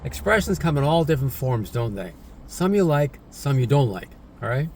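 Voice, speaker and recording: A man's voice: mid-range voice, big pitch swings, normal speed, darkish tone, a little hiss or hum. A man giving a casual spoken English lesson, repeating himself and tagging questions onto his points. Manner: repetitive, tag questions like "right?" and "isn't it?". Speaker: English teacher.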